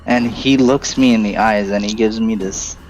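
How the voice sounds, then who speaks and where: His lowish voice stays steady at a moderate pace on a lo-fi recording as this streamer host, a man in his late twenties or thirties, rambles through a long story full of fillers. It's casual storytelling during a game stream, with game music behind.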